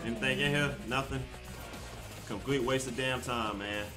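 A man giving casual gameplay commentary, loud, profane and excitable, joking with his viewers. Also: mid-range voice, moderate pace. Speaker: gaming streamer. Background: game music.

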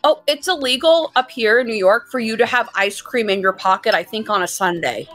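A woman's voice: a little high, a little fast, fairly bright tone, faint music behind. A woman chatting playfully with friends on a game stream, trading odd trivia. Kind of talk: casual group chat.

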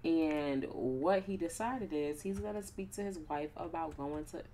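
A woman's voice: deep voice, measured pace, dark tone, a little hiss or hum. A young woman casually commenting on her life-sim gameplay with playful, slangy asides. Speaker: gaming YouTuber.

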